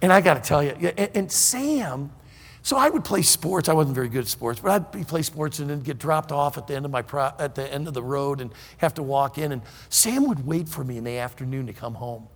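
Gravelly folksy preacher in a hall. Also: male voice, a little high, fairly quick. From northern Michigan, US. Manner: folksy and animated, shouting in excitement. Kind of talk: storytelling sermon.

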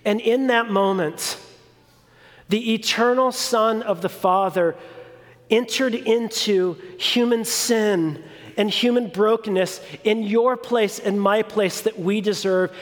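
A man preaching a sermon in a deliberate, emphatic way, repeating phrases for weight. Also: high-pitched. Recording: long reverb of a large hall.

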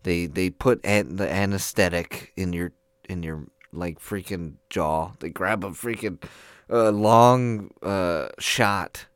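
A man's voice: deep voice, slow, clean tone, dry recording, clean studio sound. A man on a podcast telling a long, rambling story full of laughs while his jaw is sore from recent tooth surgery. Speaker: podcast co-host. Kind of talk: casual chat.

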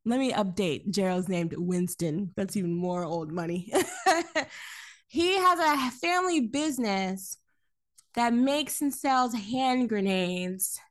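A woman co-hosting a podcast, recapping a film in casual chat, animated, laughing often and swearing freely. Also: mid-range voice, slow.

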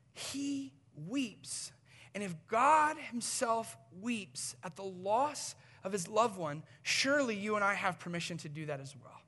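A pastor delivers a sermon in a husky voice that sits high, swinging between loud, urgent appeals and hushed, nearly whispered passages. He acts out brief quoted exchanges with the people he describes.

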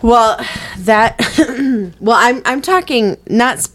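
A woman's voice: fairly high pitch, expressive, slow pace. A woman co-hosting a casual film podcast, talking in a rambling way with lots of fillers and restarts, laughing easily. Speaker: podcast co-host.

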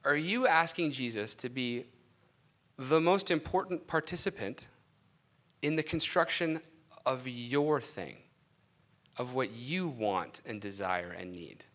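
A man preaching a casual, conversational sermon with animated delivery and self-deprecating asides. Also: mid-range voice, slow, long pauses.

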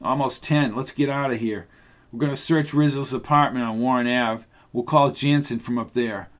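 A man's voice: medium pitch, steady tone, moderate pace, lightly acted. A man doing a terse cowboy trucker. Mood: commanding. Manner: terse, commanding. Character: gruff trucker cowboy, man around forty.

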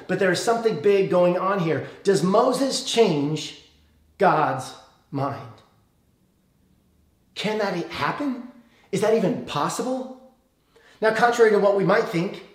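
A man's voice: high-pitched, reverberant. A man preaching a sermon in a conversational way, often checking in with "okay?".

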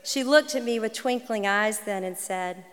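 A woman in her forties, a minister and writer, telling a personal story in a gentle, measured, reflective way. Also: mid-range voice. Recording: long hall reverb.

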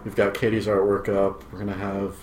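A woman hosting a podcast in casual chat, relaxed and low-key, wrapping up the show. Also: fairly quick, echoey room, slight background noise, rough recording. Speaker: podcast host.

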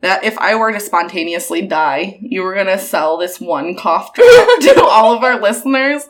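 A woman's voice: mid-range voice, big pitch swings, normal speed. A young woman co-hosting a podcast in casual chat, laughing often and swearing freely. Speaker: podcast co-host.

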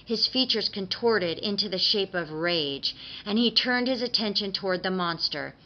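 A woman reading a dark story aloud in an expressive, dramatic way, on a dull lo-fi recording. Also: medium pitch, normal speed.

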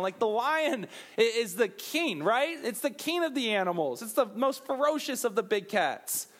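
A man preaching a sermon, animated and chatty, dropping jokey asides to his listeners as he explains scripture. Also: extremely high pitch. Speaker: pastor.

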